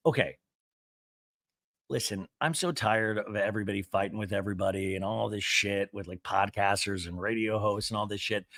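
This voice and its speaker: A man's voice: lowish voice, normal speed, no room sound, studio quality. A man hosting a podcast, recapping a reality show in casual, gossipy chat and acting out the quotes. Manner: animated, gossipy, acts out quotes. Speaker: podcast host.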